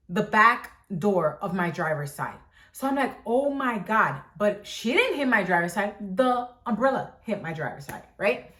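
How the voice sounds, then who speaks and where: A woman vlogger telling a story in a casual, animated way, filling it with "like" and acting out quotes. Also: mid-range voice. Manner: animated, lots of "like", acts out quotes. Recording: echoey room.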